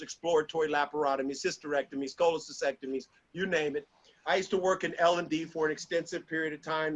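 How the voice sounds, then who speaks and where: Bright, high-voiced middle-aged man. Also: lo-fi sound. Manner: animated storyteller who acts out quoted lines. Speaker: motivational speaker. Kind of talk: motivational talk to a small group.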